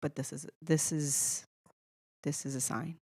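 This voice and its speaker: A young woman from Iran tells a personal story as a podcast guest, jumping between restarts and little acted-out exchanges. Her voice sits a bit low for a woman. The recording is close and dry, with no room sound. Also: a little slow, breathy edge, no room sound. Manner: animated, restarts often, acts out quoted dialogue. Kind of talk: emotional storytelling in casual conversation.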